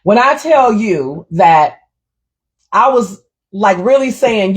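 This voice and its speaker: A middle-aged woman hosting a casual livestream, telling a story in an animated, indignant way and reading viewer comments aloud. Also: mid-range voice, slow. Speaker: livestream host.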